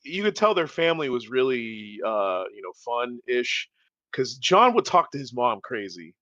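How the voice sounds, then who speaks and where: Lively male podcast storyteller, very expressive pitch, dry, slightly dull mic. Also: normal speed, no room sound. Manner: animated, laughing, acts out voices. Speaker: podcast co-host. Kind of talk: casual storytelling.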